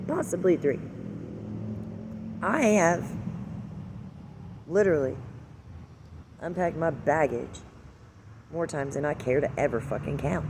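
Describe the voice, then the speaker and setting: A woman's voice: low voice, expressive, unhurried, pauses often. A woman in her forties talking in a candid, rambling, heavily profane confessional monologue, recorded with car noise behind. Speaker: vlogger.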